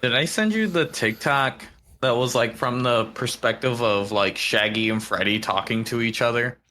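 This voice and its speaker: A man's voice: mid-range voice, normal speed, sharp tone. A man co-hosting a podcast, telling stories in casual, profane chat. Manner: profane, laughing storyteller. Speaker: podcast co-host.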